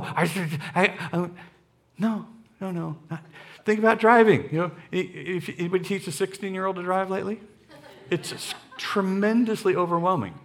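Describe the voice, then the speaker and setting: A middle-aged man preaching a sermon as a guest speaker in a church, lively and joking, repeating lines for emphasis into a stage microphone. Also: sits high, moderate pace. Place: church sanctuary.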